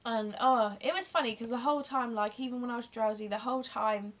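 A woman's voice: on the high side, a little fast. A young woman candidly telling a long personal story in a rambling, emotional way. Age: young adult. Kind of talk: casual storytelling vlog.

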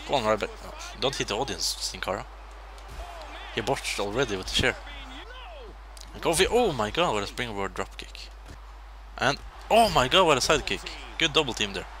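Man doing game commentary, bright forceful voice, excitable shouting, faint hiss behind. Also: medium pitch, normal speed, pauses often. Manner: excitable, swings between loud shouting and muttering.

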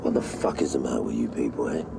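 An actor playing a menacing middle-aged male village crime boss, who talks in a threatening, profane and slow, emphatic way inside a car. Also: a bass voice, gravelly, exaggerated voice. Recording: loud car engine noise.

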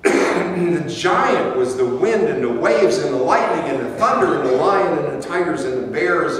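A man preaching a sermon as pastor, slow and emphatic, repeating key phrases for weight. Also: on the high side, slight background noise. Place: church sanctuary. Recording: echoey hall from far off.

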